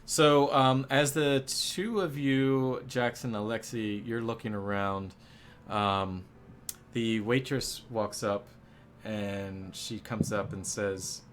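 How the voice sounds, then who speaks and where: A man's voice: on the low side, steady tone, slow, slight background noise. A man narrating a tabletop game as game master, rambling and hesitant with many fillers.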